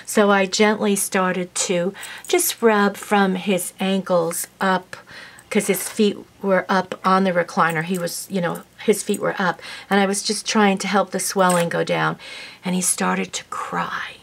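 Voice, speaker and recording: A woman's voice: medium pitch, little pitch movement, measured pace, gravelly. Woman, vlogger, heartfelt casual storytelling, rambling with fillers, emotional and affectionate. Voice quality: warm, emotional, tearful at times.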